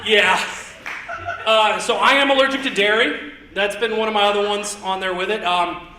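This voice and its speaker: High, bright-voiced man doing stand-up. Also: a little hiss or hum. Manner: rambling, self-deprecating, quick asides. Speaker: stand-up comedian. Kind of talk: live stand-up comedy. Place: theater stage. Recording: roomy theater sound, mic heard from a distance.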